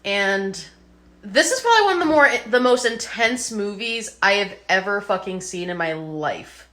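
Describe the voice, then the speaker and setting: A bright, sharp-toned woman chats her way through a casual podcast. She strings her thoughts together with plenty of fillers and drops the odd swear word without a second thought. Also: medium pitch, lively intonation, normal speed. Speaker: podcast co-host.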